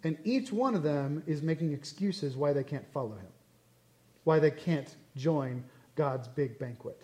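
A man teaches scripture in a relaxed, conversational style. He is animated and often drifts into asides. His voice sits fairly high. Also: a little slow. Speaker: Bible teacher. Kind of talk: casual Bible study teaching.

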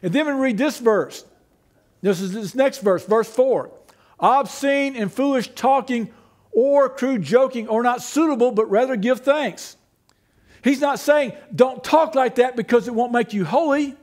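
Pastor, male, very high voice, relaxed conversational preaching with rhetorical questions. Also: unhurried. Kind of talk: sermon.

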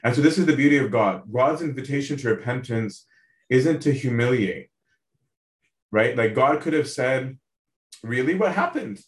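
Guy leading a bible study, super conversational, keeps going "right?", stumbles and restarts a lot, mid-pitched voice, roomy echo. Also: normal speed. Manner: frequent restarts and repeated words. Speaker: Bible teacher. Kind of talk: casual Bible study teaching. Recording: echoey room.

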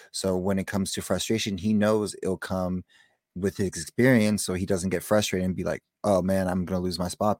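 Male panelist, very deep voice, dry sound, emphatic and repetitive delivery. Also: no room sound. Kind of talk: casual sports talk panel.

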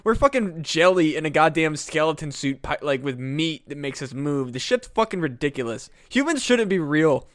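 A man co-hosting a podcast, with a notably high voice and a dry, close sound. He talks in casual, profane rants that build into excitable outbursts. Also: normal speed, few pauses, no echo. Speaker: podcast co-host. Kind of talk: casual chat.

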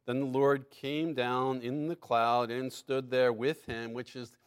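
A man preaching a sermon, reading scripture aloud with lively emphasis and breaking into asides and small laughs. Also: medium pitch, a little slow, clear, resonant tone.

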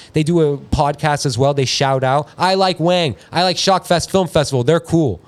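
A man hosting a podcast, ranting in an irritated, profane, animated way. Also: a little high, brisk, few pauses. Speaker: podcast host. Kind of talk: casual podcast rant. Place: podcast studio.

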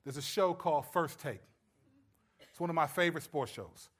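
A man's voice: on the high side, normal speed, a bit bright, slightly rough. A man preaching a sermon in a conversational way, checking in with listeners. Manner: conversational, checks in with the audience often. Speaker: pastor.

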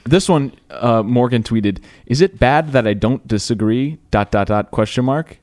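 A man's voice: mid-range voice, normal speed. A young man hosting a college radio show, chatting casually and jokingly with a guest in the studio. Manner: joking, rambling, animated.

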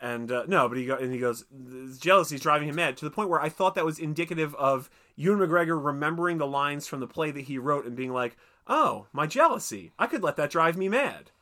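A man's voice: fairly high pitch, lively intonation, fairly quick, few pauses, sharp tone. A man co-hosting a podcast, chatting casually and profanely about a film, riffing and griping with mock voices. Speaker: podcast co-host. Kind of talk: casual chat, film review.

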